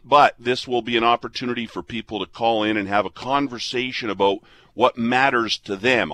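Canadian radio guy in his 50s, earnest and rambly, lots of restarts, mid pitch, in a studio. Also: fairly bright tone, no room sound. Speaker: radio host. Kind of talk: casual on-air chat.

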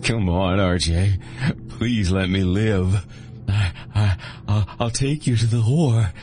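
A man's voice: slow pace, fairly bright tone, soft background music. A man voicing a terrified, beaten man who stammers and begs for his life. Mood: stammering. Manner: pleading high stammer.

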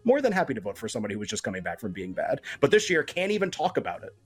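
A man co-hosting a sports betting podcast, arguing his point in a quick, animated way and often cutting himself off mid-sentence. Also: mid-range voice, husky, faint music behind. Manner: argumentative, animated, self-interrupting. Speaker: podcast co-host. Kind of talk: casual sports betting chat.

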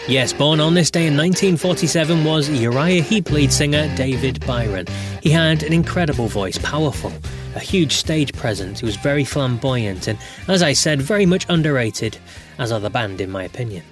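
A man's voice: mid-range voice, animated, moderate pace, over music. Chatty male rock podcast host. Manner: chatty, candid asides. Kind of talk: scripted podcast narration.

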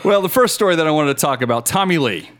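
A man's voice: a little high, expressive, fast, fairly bright tone. A man co-hosting a metal podcast, voice swinging up and down as he talks. He banters loosely, laughs a lot and stumbles over his words. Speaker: podcast co-host.

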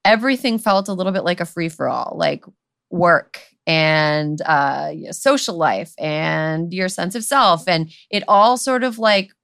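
A woman's voice: lowish voice, unhurried, creaky, fairly bright tone, no echo, studio quality. A woman co-hosting a podcast, talking in a loose, rambling way with lots of "like" and "you know". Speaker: podcast co-host. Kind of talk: casual conversational chat.

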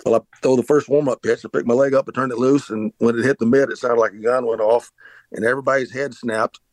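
A man's voice: medium pitch, steady tone, fast, dry recording. Middle-aged guy rambling through a story, lots of uh's and restarts, plain mid voice, dry sound. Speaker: podcast host, former pitcher. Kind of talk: casual storytelling.

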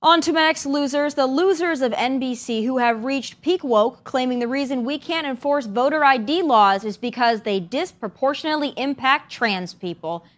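A woman's voice: high-pitched, normal speed, hardly any pauses. A woman hosting an opinion show, delivering sarcastic, emphatic commentary from a studio. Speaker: host.

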